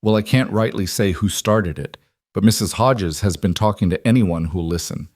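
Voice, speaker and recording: A man's voice: fairly low pitch, normal speed, darkish tone, no room sound, studio quality. A man voicing a nervous middle-aged farmer who talks in a hesitant, placating way.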